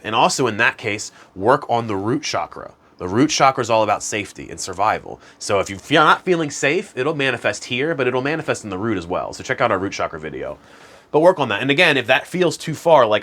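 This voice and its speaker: A man's voice: mid-range voice, sing-song, brisk. A man hosting a self-improvement channel, explaining practices in a casual, conversational way and chuckling at himself now and then. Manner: conversational, chuckles at himself, chants hum softly. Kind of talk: casual instructional talk.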